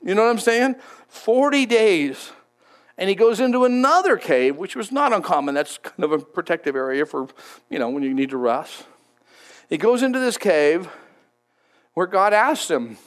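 A man's voice: sits high, big pitch swings, moderate pace. A man preaching a sermon in a conversational, emphatic way, often repeating words as he goes. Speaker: pastor.

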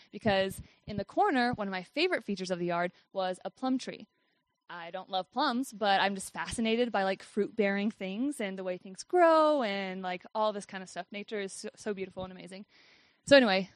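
A woman's voice: mid-range voice, no room sound. A young woman telling a personal faith story in a chatty way, saying "like" often and laughing as she goes. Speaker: speaker sharing a faith testimony.

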